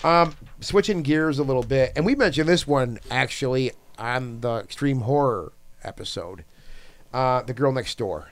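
A man's voice: mid-range voice, lively intonation, normal speed. Rambling, swearing man. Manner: rambling, trailing off and restarting, swears freely. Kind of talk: casual chat.

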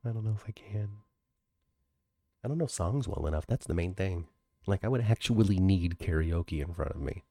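Man, podcast co-host, low mellow voice, dry close sound, chatty and animated, laughs a lot. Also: moderate pace, no room sound. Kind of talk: casual chat. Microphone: home computer mic, video call.

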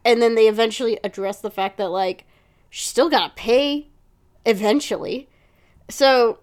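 Woman, podcast co-host, casual recap chat, animated, fairly high voice. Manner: animated, swears freely, acts out quotes.

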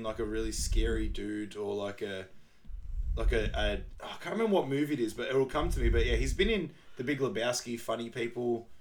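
Aussie guy on a podcast video call, mid-pitched, laughs a lot, bit of faint hiss behind. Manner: laughs often, loose and rambling. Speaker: podcast co-host. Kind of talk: casual chat.

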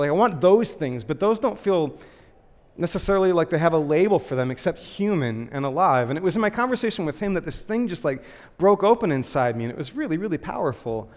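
A man giving a relaxed, conversational sermon in a slightly higher voice, peppering his talk with "like" and "um". His voice rings with a long reverb, as if the room is large. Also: quick pace. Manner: chatty, frequent "like" and "um" fillers, laughs lightly. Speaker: pastor.

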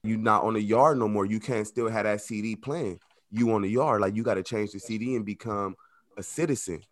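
A man's voice: lowish voice, brisk, no echo. Candid man speaking plainly about life after prison. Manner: loose, conversational, heavy with "like" and "you know"; slips into lively acted-out quotes. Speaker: formerly incarcerated guest. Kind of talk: casual interview talk.

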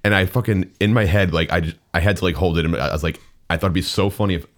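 A young man telling a funny story in casual podcast chat, animated and quick to laugh. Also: low voice, no room sound.

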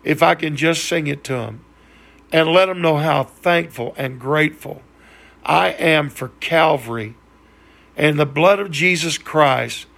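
Gravelly guy preaching slow, kinda higher voice, earnest testimony story. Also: a bit bright. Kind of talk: sermon storytelling.

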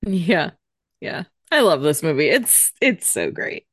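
A woman in a casual film discussion, speaking in a thoughtful, halting way. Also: low-pitched, sing-song, a bit bright, slightly rough, no room sound, clean studio sound.

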